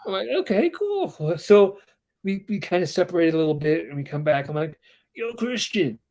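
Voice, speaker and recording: Animated young man telling stories. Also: fairly high pitch, quick pace. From Denver, Colorado. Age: 20s. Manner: animated storyteller, acts out quotes. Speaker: podcast co-host. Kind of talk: casual chat.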